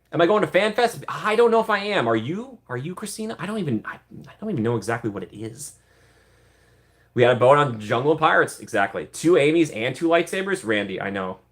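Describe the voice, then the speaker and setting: A man's voice: mid-range voice, a bit bright. Chatty upbeat young man hosting a livestream. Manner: chatty, upbeat, laughs often, rambling with fillers. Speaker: livestream host. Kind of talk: casual livestream chat with viewers.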